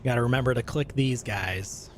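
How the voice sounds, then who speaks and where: With music playing in the background, a male streamer rambles casually about his game at a moderate pace. His mid-pitched voice turns enthusiastic and full of slangy excitement as he plays.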